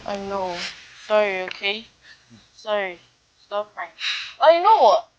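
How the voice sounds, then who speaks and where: A woman's voice: medium pitch, big pitch swings, measured pace, highs cut off, background noise. A Ghanaian woman playing a young woman who coaxes and soothes a heartbroken male friend. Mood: coaxing. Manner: coaxing, soothing.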